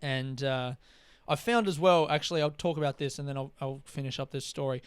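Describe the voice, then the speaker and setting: A young comedian hosts his own solo podcast in a slightly high, smooth voice, recorded dry. His casual monologue rambles candidly, with free swearing and comic impressions of other voices.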